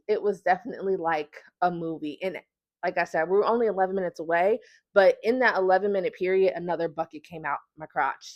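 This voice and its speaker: A woman vlogger telling a story to camera in a lively, casual way, laughing often and using lots of filler words. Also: on the low side, no echo. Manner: animated, breaks into laughter, many filler words.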